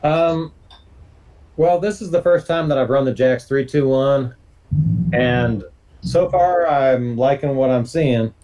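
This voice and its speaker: A man's voice: medium pitch, slow pace, mellow. A man chatting casually on a grower panel, joking and telling stories. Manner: joking, storytelling, laid-back. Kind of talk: casual chat.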